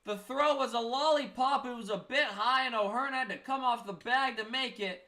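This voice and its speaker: Bright high-voiced young man calling baseball. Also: moderate pace. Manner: casual, self-mocking asides between calls. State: tired, yawning. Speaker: play-by-play streamer. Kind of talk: live baseball play-by-play commentary.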